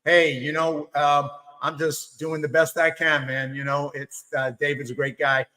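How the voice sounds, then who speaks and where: Bright-voiced man telling stories on a webinar. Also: a little high, measured pace, rough recording. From New York. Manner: animated, with many restarts and "you know". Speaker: webinar host. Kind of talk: casual storytelling chat.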